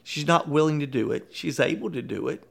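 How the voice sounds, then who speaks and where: A man, a workplace consultant, telling a story in an animated, conversational way with frequent chuckles. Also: fairly high pitch, brisk, vocal fry, husky. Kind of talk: storytelling talk.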